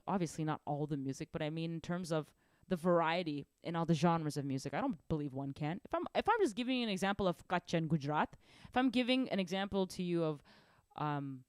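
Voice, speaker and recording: A young woman giving a casual drum lesson, animated and rambling, often restarting her sentences. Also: on the low side, dry recording, studio quality. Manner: animated, rambling, self-correcting. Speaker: drum teacher.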